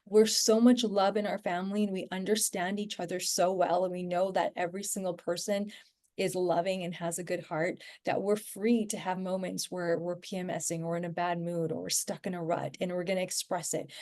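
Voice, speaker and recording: A woman's voice: on the low side, fairly even intonation, brisk, mellow. A woman talking as a podcast guest in a casual, rambling way, full of fillers and restarts. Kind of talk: casual conversational podcast chat.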